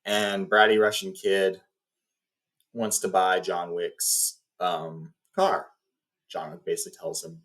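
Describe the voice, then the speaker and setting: A man's voice: sits low, flat delivery, slow, fairly bright tone. A man hosting a video, casually retelling a movie plot in a rambling, filler-heavy way. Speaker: video host.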